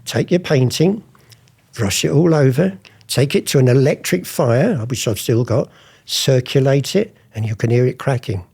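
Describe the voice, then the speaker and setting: An older man who used to forge art chats through interview anecdotes, recreating past conversations in different voices. His medium-pitched voice has lively intonation, vocal fry, a darkish tone, and a breathy edge, at normal speed.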